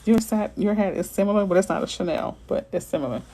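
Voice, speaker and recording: A woman realtor from Florida chatting casually with viewers on a livestream, animated and slangy, answering their comments as they come in. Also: mid-range voice, quick pace, a little hiss or hum, poor audio.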